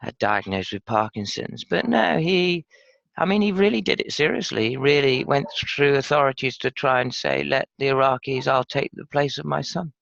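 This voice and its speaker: A British man in his fifties, a former pilot telling his story frankly and reflectively in an interview, halting with fillers. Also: medium pitch, gravelly, fairly bright tone, no room sound, muffled recording. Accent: British English. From Britain. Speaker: podcast guest, former RAF pilot.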